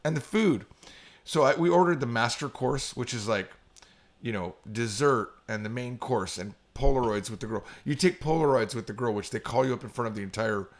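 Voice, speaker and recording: Chatting casually, a middle-aged man co-hosting a podcast spins an animated story at a brisk pace, mimicking people in high-pitched voices as he quotes them.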